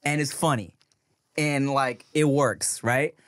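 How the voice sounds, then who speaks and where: A man co-hosting a podcast, chatting casually, reacting quickly and picking apart the comedy. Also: mid-range voice, clear, resonant tone. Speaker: podcast co-host. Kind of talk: casual chat.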